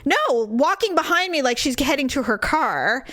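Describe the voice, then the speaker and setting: A woman co-hosting a podcast, telling a story in a casual, animated and indignant way. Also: high voice, moderate pace, no echo, studio quality. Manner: animated, indignant venting with vivid retelling. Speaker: podcast co-host.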